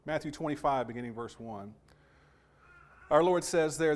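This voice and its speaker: A man preaching a Sunday sermon and reading scripture aloud, speaking in a measured way with frequent pauses and restarts. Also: on the high side.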